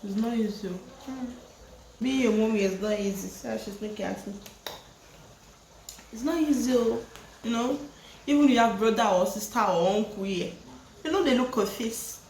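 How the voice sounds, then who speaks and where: A Nigerian-accented vlogger and mother chats casually while cooking in her home kitchen, laughing often and mixing Yoruba phrases into her English. Her slightly high, somewhat mellow voice moves at a moderate pace with long pauses, in a roomy recording with faint hiss or hum.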